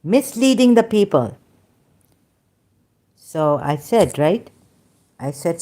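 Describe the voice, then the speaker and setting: A woman's voice: fairly low pitch, very animated, takes it slowly, long pauses, mellow. A woman in pain giving an emphatic, rambling lecture, scolding her listeners. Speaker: religious critic. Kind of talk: lecturing monologue.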